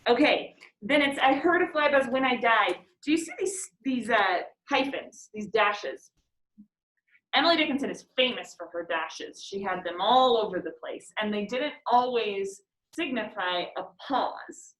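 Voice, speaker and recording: A woman's voice: a little high, animated, unhurried, fairly bright tone, echoey room, rough recording. A woman teacher leading a class discussion of a poem, chatty and laughing easily, reading lines aloud.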